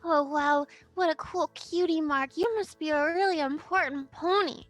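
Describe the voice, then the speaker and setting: A woman's voice: high-pitched, moderate pace, a bit bright, soft background music, pitched above the performer's own voice. A woman voicing a tiny, shy, eager filly pony girl who stammers politely.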